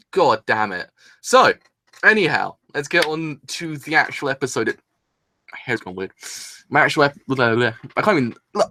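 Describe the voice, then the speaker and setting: A man's voice: medium pitch, bright, forceful tone, dry recording. A young man hosting an anime reaction video, gushing and exclaiming in a breathless, rambling way. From England. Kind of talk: excited solo reaction video.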